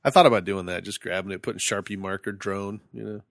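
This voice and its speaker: A man's voice: on the low side, fast talker, gravelly, no room sound, clean studio sound. A man co-hosting a casual podcast, telling stories with lots of laughter and acted-out quotes. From Phoenix area. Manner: animated storyteller, laughs often, acts out quotes. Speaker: podcast co-host. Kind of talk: casual chat.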